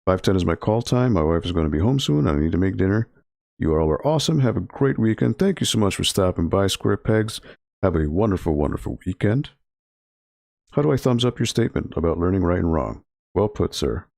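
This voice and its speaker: A man hosting a relaxed library game stream, talking to viewers in a low-energy, monotone way with frequent restarts. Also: a little fast, gravelly, no echo, clean studio sound. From Connecticut, US. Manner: restarts and filler words. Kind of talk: casual chat with stream viewers.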